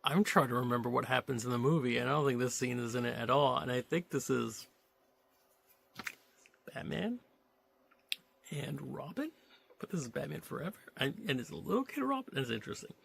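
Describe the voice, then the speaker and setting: A man's voice: medium pitch, lively intonation, brisk, gravelly, pauses often, fairly bright tone, a little hiss or hum. A man reading a novelization aloud, stopping now and then to joke and comment on the story. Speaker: reader of a novelization.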